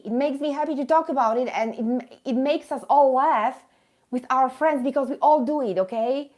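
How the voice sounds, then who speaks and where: At a moderate pace, this stream host's fairly high, darkish voice stays animated throughout her indignant live-chat rant. She often drifts into chatty asides to her audience, poking fun at herself.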